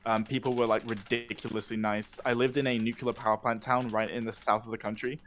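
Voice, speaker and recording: A man's voice: mid-range voice, little pitch movement, a little fast, fairly bright tone, a little hiss or hum. A British man from the UK, a guest on a podcast, talking in a laid-back, self-mocking, rambling way. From United Kingdom. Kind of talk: casual podcast chat.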